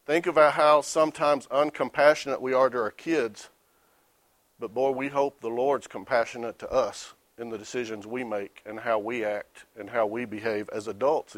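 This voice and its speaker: A man's voice: medium pitch, a bit bright, no echo. Plainspoken man teaching a Bible class. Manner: plainspoken, reads scripture aloud then explains it. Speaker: Sunday school teacher.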